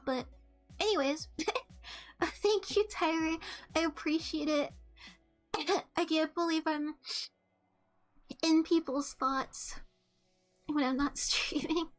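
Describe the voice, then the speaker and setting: A young woman streamer chatting casually about her day, rambling with lots of ums and restarts, coughing with a mucus-filled throat. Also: high-pitched. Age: young adult. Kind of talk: casual chat.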